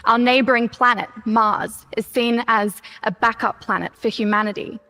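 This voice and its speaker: Earnest woman giving a measured talk. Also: fairly high pitch, steady tone, sharp tone, soft background music. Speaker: speaker at a conference talk. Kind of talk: scripted public talk.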